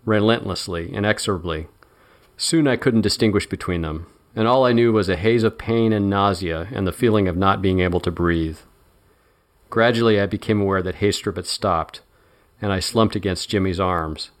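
Male narrator with a lowish voice for a first-person audiobook.

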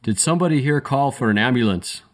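A swaggering Irish paramedic with a brogue, as a male narrator puts him on. He is gruff and clipped, firing off orders in a raised voice that sits well above the deep narration around it. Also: expressive, quick pace, natural voice.

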